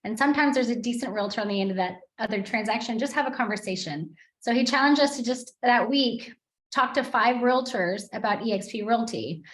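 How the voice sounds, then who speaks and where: Woman, guest on a call, chatty storytelling, slightly high voice, roomy sound. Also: fairly quick. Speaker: guest, real estate team leader. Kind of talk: video call interview.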